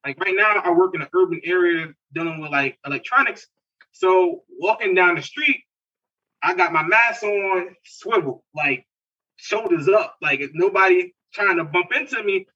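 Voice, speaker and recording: A man from Newark, telling animated stories in slangy casual chat and laughing often. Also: high-pitched, normal speed, breathy edge. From Newark, New Jersey. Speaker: podcast co-host. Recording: distant, dull lo-fi mic.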